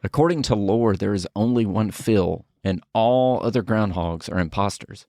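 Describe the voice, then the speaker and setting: A man's voice: fairly low pitch, moderate pace, warm tone, no room sound, clean studio sound. A man co-hosting a podcast in casual chat, reading notes aloud and stumbling and laughing over the words. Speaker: podcast co-host.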